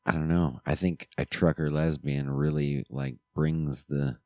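Male podcast co-host, very deep, dry room, deadpan teasing. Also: measured pace, no room sound. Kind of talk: casual joking chat.

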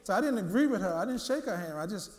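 A male minister preaching a sermon, telling a personal testimony in a lively way and repeating his words as he goes. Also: high-pitched, fast talker, echoey room. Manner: lively storytelling, repeats words, acts out quotes.

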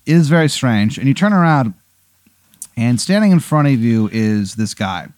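A man's voice: mid-range voice, sing-song, moderate pace, a little mellow, no room sound. A man hosting a podcast, telling an improvised comic scenario in a loose, rambling way full of "like" and swearing. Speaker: host running an improvised scenario. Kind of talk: casual comedic storytelling.

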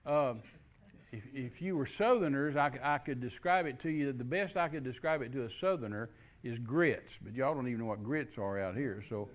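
A man preaching, telling a story in a folksy, animated way and acting out what people said. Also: mid-range voice, normal speed. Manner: folksy, animated, acts out quotes. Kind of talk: storytelling sermon.

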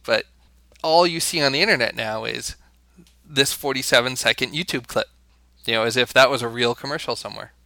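A man's voice: mid-range voice, brisk, creaky, bright, forceful tone, dry recording. An American man co-hosting a podcast, talking in a loose, rambling way with frequent restarts. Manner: rambling, with many restarts and fillers. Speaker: podcast co-host. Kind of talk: casual podcast chat.

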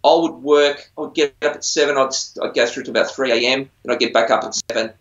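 This middle-aged musician, featured on a TV singing show, talks fast in a steady mid-range voice that's fairly bright. His casual interview stories are rambling, chatty and self-deprecating. The recording has a dull, roomy lo-fi quality.

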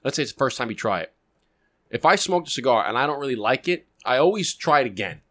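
A man's voice: mid-range voice, very animated, fast, a bit bright. A man with a New York accent co-hosting a casual podcast, blunt and enthusiastic, swearing freely. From Queens, New York. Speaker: podcast co-host. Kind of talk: casual chat.

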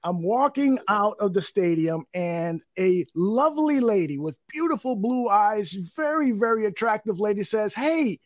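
A man's voice: sits high, animated, normal speed, few pauses, no room sound, studio quality. A man hosting a football podcast, chatting in an upbeat, storytelling way. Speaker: podcast host. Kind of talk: casual football talk.

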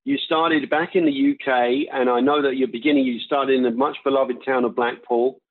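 A man's voice: mid-range voice, fairly even intonation, fairly quick. A man hosting an interview, asking friendly and encouraging questions. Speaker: interview host. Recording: tinny phone-like line.

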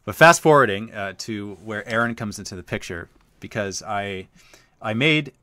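Man, low voice, forceful tone, dry close sound, casual storyteller, chatty host. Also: lively intonation, normal speed, dry recording. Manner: chatty, rambling, lots of uh fillers.

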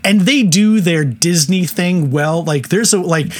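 A man in his forties with a high, unhurried voice co-hosts a casual movie podcast. He's chatty and wry, laughing often while discussing films.

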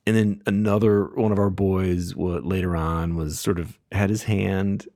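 A middle-aged man hosting a podcast, telling a family story casually with frequent laughs and lively voices for the people he quotes. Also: deep voice, unhurried, no echo, clean studio sound. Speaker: podcast host.

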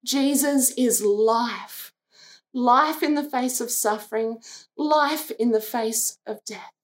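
A woman giving a devotional sermon, speaking gently and earnestly, sometimes voicing people from the story. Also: on the high side. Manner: slow, gentle and earnest, briefly acting out the sisters' lines. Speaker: preacher.

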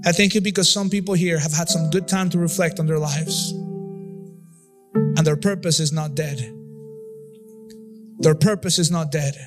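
A man's voice: on the high side, steady tone, normal speed, long pauses. A male pastor leading a church prayer and sermon, impassioned, repeating phrases and half-singing some lines. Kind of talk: sermon and altar-call prayer. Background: instrumental music.

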